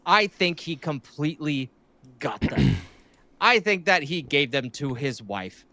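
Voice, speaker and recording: A man with a bright, somewhat high voice shares his views in casual talk. He stumbles, repeats words and clears his throat often. The sound is dry, with no room echo. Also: animated, slow pace.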